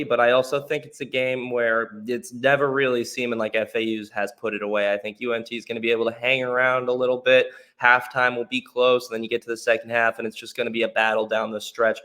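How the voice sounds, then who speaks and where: A man's voice: mid-range voice, fairly bright tone. A man co-hosting a sports podcast, giving his views in a casual way that thinks aloud with fillers. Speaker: podcast co-host.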